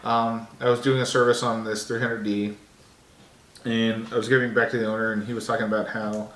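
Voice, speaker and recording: A man's voice: fairly quick, slight background noise. Storytelling man in an echoey room. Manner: animated, acts out quotes in a high voice. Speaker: podcast co-host. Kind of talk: casual storytelling chat.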